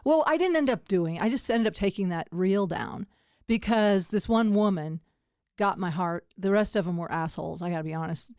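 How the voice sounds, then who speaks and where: A woman's voice: medium pitch, lively intonation, moderate pace, darkish tone, no echo, studio quality. An older woman hosting a comedy podcast at home, chatting casually and laughing often. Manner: laughs often, self-deprecating.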